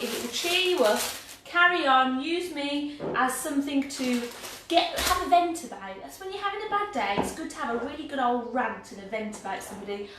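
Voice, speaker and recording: Brief: cheerful English woman, high voice, baking livestream host, far from laptop mic, faint room noise. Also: very echoey. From England. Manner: bubbly, chatty, self-mocking. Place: home kitchen. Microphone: laptop mic from across the room.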